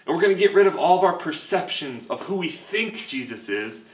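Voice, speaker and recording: A man's voice: fairly high pitch, animated, brisk, roomy sound. A young man giving a youth sermon to camera, talking conversationally and putting questions to his listeners. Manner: conversational, asks the audience questions. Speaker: youth pastor.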